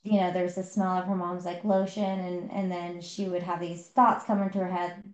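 A woman's voice: fairly low pitch, level tone, moderate pace, roomy sound, dull audio. A woman co-hosting a podcast, casually retelling a book's story with many fillers. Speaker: podcast co-host. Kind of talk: casual book discussion.

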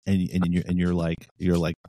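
Low, mellow-voiced man telling a cop story. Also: moderate pace. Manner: profane, animated storyteller acting out his own past lines. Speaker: podcast co-host, former police officer. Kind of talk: casual storytelling chat.

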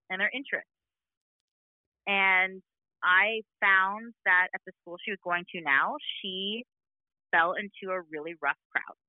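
A woman with a Valley girl way of speaking chats casually about family life, with lively, swooping pitch. She comes through a thin, phone-like line that sounds close and dry. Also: no echo. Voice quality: Valley girl speech style. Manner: animated storytelling, mimics voices. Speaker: parent. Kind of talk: casual chat.

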